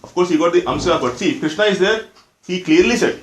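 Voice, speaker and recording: A man's voice: high voice, expressive, fast talker. Man teaching scripture, echoey hall. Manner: explanatory, repeats points for emphasis, asks the audience questions. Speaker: religious teacher. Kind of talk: scripture class lecture. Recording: echoey room.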